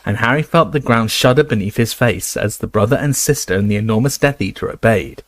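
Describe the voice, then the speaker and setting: Low-voiced man narrating an audiobook. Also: fairly quick, no echo. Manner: expressive, raising his voice for shouted lines. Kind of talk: dramatic audiobook reading.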